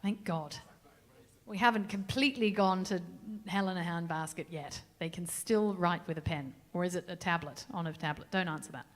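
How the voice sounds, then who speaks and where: A woman's voice: on the low side, moderate pace. A woman from England, a jazz singer chatting and joking with the audience between songs on a club stage.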